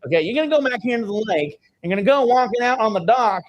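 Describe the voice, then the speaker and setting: A man's voice: very high-pitched, animated, quick pace, highs cut off, a little hiss or hum, voice pushed up. A man voicing a folksy rural man who runs a fishing spot, drawling and matter-of-fact.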